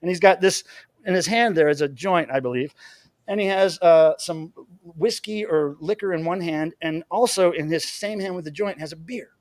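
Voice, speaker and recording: An American man hosting a livestream from home, telling a story in an animated, chatty way. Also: fairly high pitch, normal speed, no echo. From United States. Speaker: livestream host.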